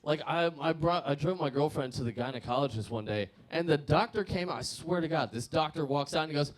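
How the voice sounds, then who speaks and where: Young Southern-raised man, stand-up, rambling, self-deprecating, slightly high. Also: brisk, hardly any pauses. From Savannah, Georgia, US. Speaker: stand-up comedian. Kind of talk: live stand-up comedy set. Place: comedy club stage.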